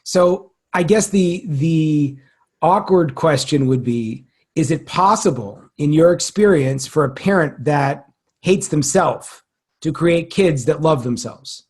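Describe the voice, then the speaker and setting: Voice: mid-range voice, expressive, slow pace, a little mellow, husky. A podcast host asking blunt, curious questions in a casual interview.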